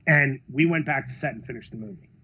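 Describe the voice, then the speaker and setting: A film director, a man, telling stories in a podcast interview, expressive, acting out quotes and swearing freely. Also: mid-range voice, fast, muffled recording. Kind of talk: animated storytelling in a podcast interview.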